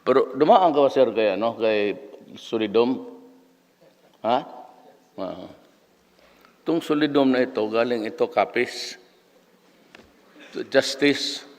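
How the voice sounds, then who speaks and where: A man's voice: medium pitch, lively intonation, measured pace, pauses often, darkish tone. A man in his seventies from the Philippines, giving a rambling, anecdotal speech as guest speaker at an alumni event. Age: 70s. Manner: rambling, storytelling, mixes languages. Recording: echoey hall.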